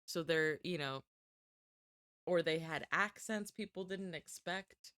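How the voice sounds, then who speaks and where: A woman's voice: fairly low pitch, slow pace, fairly bright tone, dry recording, studio quality. A woman streamer chatting casually while reacting to a film. She is self-deprecating and often trails off and restarts. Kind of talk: casual live-stream commentary. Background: film music.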